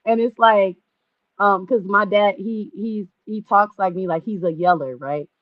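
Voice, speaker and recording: A woman, chatting casually with a friend, animated and laughing. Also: mid-range voice, measured pace, dry recording, dull audio. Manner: animated, laughing, acts out relatives' voices. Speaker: host. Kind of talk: casual chat.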